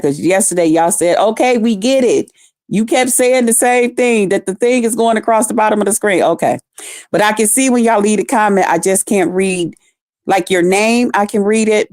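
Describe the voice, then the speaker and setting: A woman's voice: medium pitch, darkish tone, no room sound, studio quality. A woman live-streaming to her viewers in a casual, brash and profane way, reading out chat comments and thanking her fans.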